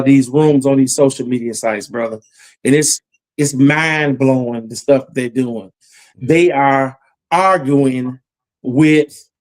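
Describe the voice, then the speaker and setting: A man's voice: a little high, a little mellow. A man preaching a Bible lesson about judgment, emphatic and repetitive, his voice climbing as he warns. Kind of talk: Bible teaching sermon.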